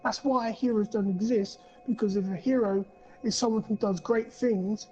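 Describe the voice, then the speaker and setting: A man's voice: sits high, fairly even intonation, moderate pace, a little mellow, dull audio, faint music behind. A man co-hosting a podcast, ranting in casual chat, swearing a lot and rambling with plenty of fillers. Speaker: podcast co-host.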